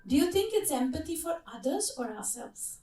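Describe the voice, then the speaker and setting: A woman's voice: high-pitched, normal speed, a crowd in the background. Storytelling woman in an echoey hall. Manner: lively storytelling, asks the audience questions. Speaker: workshop speaker. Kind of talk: interactive workshop talk. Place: conference hall. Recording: echoey hall, voice from far off mic.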